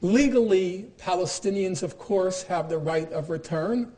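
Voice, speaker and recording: A man's voice: high voice, measured pace, dark tone. Man giving an emphatic lecture. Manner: emphatic, argumentative, with pointed irony. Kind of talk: university lecture. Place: lecture hall.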